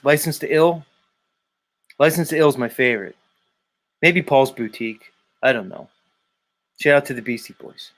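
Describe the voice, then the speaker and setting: A man in his forties hosts a live stream, bantering loosely with viewers, greeting them by name and swearing now and then as he reads their comments. His voice sits in the mid range with a fairly bright tone.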